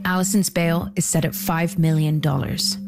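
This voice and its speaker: A woman hosting and narrating a documentary podcast in a measured, scripted storytelling delivery. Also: low-pitched, steady tone, music in the background.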